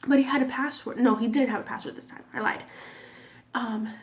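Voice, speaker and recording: A woman's voice: a little high, fairly even intonation, brisk. A woman in her twenties telling a personal story to camera in a casual, candid way, swearing freely and sometimes dropping almost to a whisper. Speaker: vlogger.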